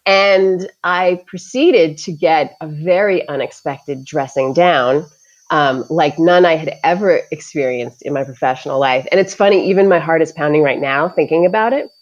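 Low-voiced woman telling a story. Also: moderate pace, highs cut off. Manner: animated, laughs often, storytelling. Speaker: school librarian and mindfulness teacher. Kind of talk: casual podcast conversation.

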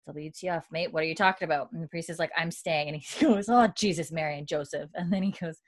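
A woman co-hosting a podcast, casually retelling a TV episode, scattering likes and ums and quoting lines quietly. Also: deep voice, quick pace, no echo. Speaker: podcast co-host recapping a TV episode. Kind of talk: casual recap chat.

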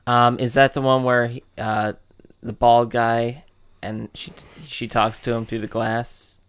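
A man's voice: mid-range voice, flat delivery, unhurried, a bit bright, clean tone. A man playing a movie quiz with friends, blunt and swearing freely. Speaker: quiz player. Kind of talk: casual game chat.

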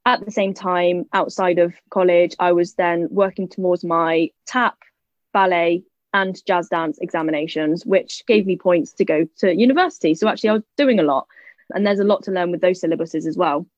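A woman's voice: on the low side, no room sound. Chatty young woman, dull dry sound. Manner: chatty storytelling, quick asides, many "like" and "literally" fillers. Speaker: guest. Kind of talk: casual interview chat.

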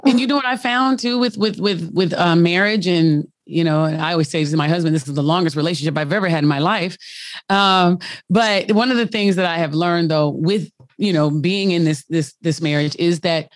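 A woman's voice: lowish voice, a little fast, no room sound, clean studio sound. A woman who hosts a radio show, chatting candidly about her marriage and telling stories with frequent laughter. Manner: candid, storytelling, laughs often. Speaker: radio host. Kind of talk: casual chat.

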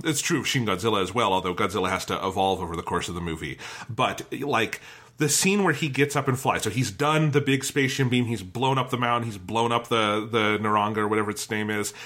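A man co-hosting a film podcast, talking in a lively, casual way and swearing freely. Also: mid-range voice, fairly quick. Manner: animated, chatty, swears freely. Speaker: podcast co-host. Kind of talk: casual film review chat.

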